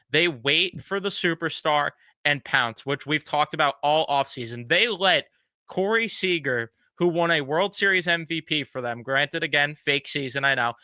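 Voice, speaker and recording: A man's voice: a little high, expressive, measured pace, pushed and bright, clear, resonant tone, no room sound. A man co-hosting a casual sports podcast, blunt and exasperated, swearing freely. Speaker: podcast co-host.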